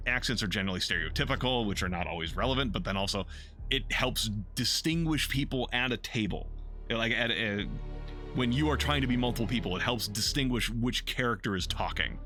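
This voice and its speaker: A man's low-leaning voice comes through briskly over music as he streams a game. He rambles casually, curses a lot, reads and answers chat, and makes fun of himself.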